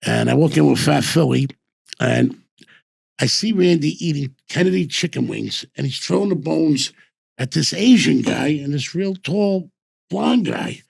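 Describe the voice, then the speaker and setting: Slightly slow and a touch mellow, though still gravelly and husky, this older man's voice sits on the high side with lively intonation. The former bookmaker and host tells rambling casual stories, restarting sentences and repeating "I says."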